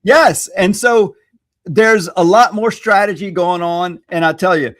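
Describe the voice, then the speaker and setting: A man from Louisiana, a social media expert guest, explaining strategy in an animated, self-deprecating way and laughing readily. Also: sits high, measured pace, dry recording, studio quality. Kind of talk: conversational teaching.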